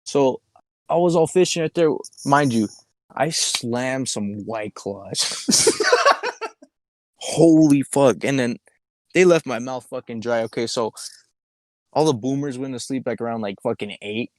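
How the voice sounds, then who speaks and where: A man's voice: mid-range voice, measured pace, pauses often, darkish tone, dry recording. A young man co-hosting a podcast, telling a long rambling story in casual chat, swearing a lot and laughing often. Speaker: podcast co-host. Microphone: podcast microphone.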